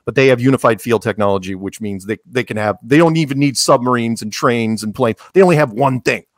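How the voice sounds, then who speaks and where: A man talking casually as a podcast guest, rambling with jokes and animated asides. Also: mid-range voice, brisk, no room sound, clean studio sound. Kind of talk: casual interview talk.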